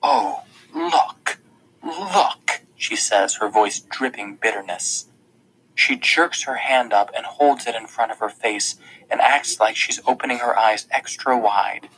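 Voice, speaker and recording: A man reading a blind teenage girl's lines in a hard, flat, hissing voice, often dropping to a whisper. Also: lowish voice, measured pace, rough recording. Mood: bitter. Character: blind teenage girl, bitter, scared, tough.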